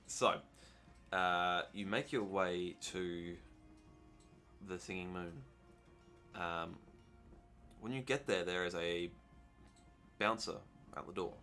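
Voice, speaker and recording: A low-pitched man narrates a tabletop role-playing session as game master. He speaks in a relaxed, halting way, full of pauses. Soft music plays faintly underneath. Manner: hesitant, with many ums, relaxed.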